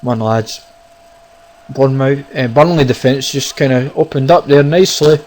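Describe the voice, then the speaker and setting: A man giving casual, excitable commentary on his own football video game, talking to viewers as guys and lads. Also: mid-range voice, normal speed, low-quality recording. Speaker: gaming YouTuber. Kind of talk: casual live gameplay commentary.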